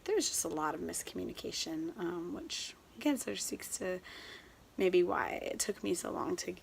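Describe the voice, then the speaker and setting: Hoarse young woman vlogging, gravelly. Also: on the low side, normal speed, slight background noise. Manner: many filler ums, soft drop to near-whisper at times. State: hoarse, recovering from a cold. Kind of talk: casual vlog talk. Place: home in Seoul.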